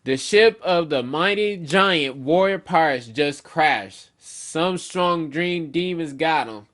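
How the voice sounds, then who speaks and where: A man's voice: on the high side, slow pace, a bit bright. A man reading the lines of an arrogant, threatening male knight villain in a plain voice. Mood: menacing.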